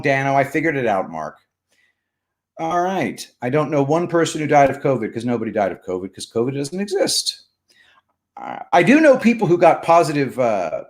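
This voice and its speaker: A man hosting a live stream, chatting casually, reading viewer comments and plugging sponsors, animated and joking, loud one moment and mumbling the next. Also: mid-range voice, moderate pace.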